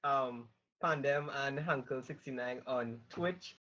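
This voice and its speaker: A man's voice: mid-range voice, a little slow, bright, forceful tone. A man hosts a casual podcast interview in a friendly, easygoing way. His voice comes through a dull, muffled call line. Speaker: podcast host.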